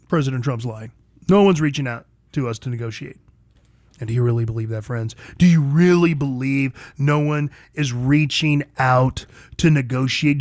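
A man's voice: on the high side, no echo, clean studio sound. A man hosting a talk radio show, delivering an emphatic, opinionated monologue full of repetition.

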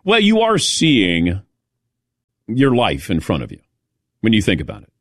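Animated middle-aged male radio host. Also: fairly low pitch, unhurried, no room sound, clean studio sound. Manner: animated, calls on co-hosts by name, self-mocking. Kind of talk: casual sports talk.

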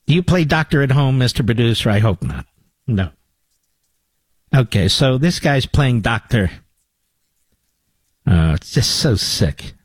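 A man's voice: mid-range voice, breathy edge, no room sound. An older man hosting a talk radio show, with a combative, sarcastic monologue and mocking asides to his producer.

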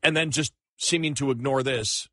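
A male talk radio host talks politics in a bright, pushy tone. He sounds incredulous and stammers into restarts. The studio sound is close and dry. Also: mid-range voice, normal speed, no echo.

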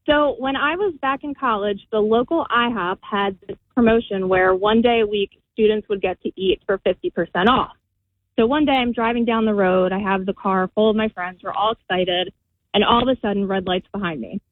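A woman from the Philadelphia area calling in to a radio show, telling a story in an animated, chatty way. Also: mid-range voice, normal speed, no room sound. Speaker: caller. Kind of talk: casual storytelling on a call-in show. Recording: tinny phone line, dry.

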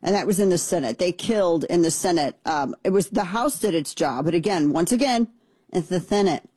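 A woman's voice: lowish voice, animated, brisk, mellow, husky, dry recording. A woman hosting casual political commentary, talking in an opinionated, conversational way with frequent restarts and asides.

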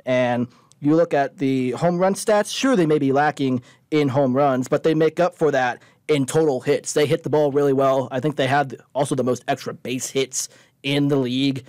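A man's voice: mid-range voice, normal speed, darkish tone, no room sound. A young man co-hosting a sports talk show, arguing earnestly and citing statistics. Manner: stat-heavy, earnest arguing. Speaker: radio show co-host. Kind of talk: casual sports chat.

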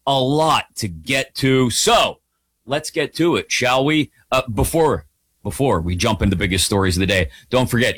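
A man hosting a national sports radio show, opening it in an energetic, playful way. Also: mid-range voice, no room sound, clean studio sound. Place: radio studio.

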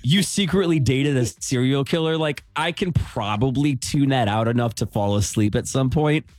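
A man's voice: mid-range voice, moderate pace, a little mellow, no room sound, soft background music. A man co-hosting a radio show, chatting casually and rambling with mild exasperation. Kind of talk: casual on-air banter.

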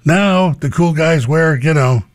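A man's voice: a little high, measured pace, no room sound, clean studio sound. A man in casual chat, adding wry, joking asides.

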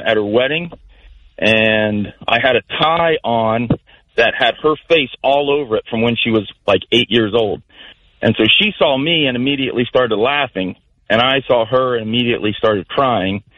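A man's voice: medium pitch, no room sound. Middle-aged man telling a story on a muffled line. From Florida. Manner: warm-hearted, rambling storytelling. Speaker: radio show caller. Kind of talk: casual call-in chat.

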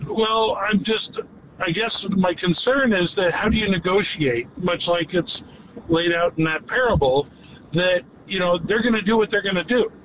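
High-voiced male caller on a tinny phone. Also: normal speed, a little hiss or hum. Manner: hesitant, searching for words. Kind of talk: phoning in to talk radio. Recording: tinny phone line from a vehicle.

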